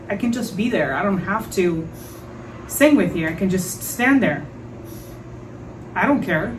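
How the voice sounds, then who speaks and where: A woman hosting a podcast, telling a story in a frank, animated way, with lots of fillers and some swearing. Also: mid-range voice, recorded from a distance, a little hiss or hum, rough recording. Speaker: podcast host. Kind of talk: casual storytelling monologue.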